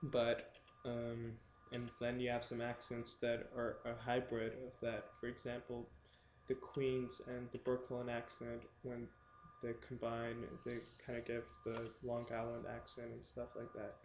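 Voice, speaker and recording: A man's voice: mid-range voice, completely flat delivery, measured pace, darkish tone, slight background noise. A man casually explaining things to his webcam, hesitant and full of ums and restarts. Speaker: vlogger. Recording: roomy, dull lo-fi webcam recording.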